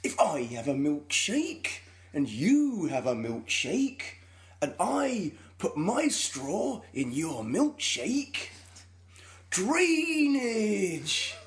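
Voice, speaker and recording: A man doing an impression of a menacing oil man from a film, speaking slowly and deliberately and building to a loud finish. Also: high voice, huge pitch swings, pitched above the performer's own voice, full character voice. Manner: slow, deliberate, rising to a loud end.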